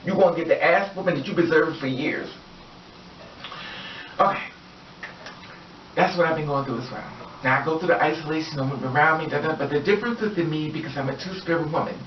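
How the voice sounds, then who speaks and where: A woman's voice: low-pitched, fairly quick, pauses often, slight background noise. A woman vlogger ranting in a heated, profane and emphatic way. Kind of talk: personal vlog rant. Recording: echoey, distant, dull-sounding room recording.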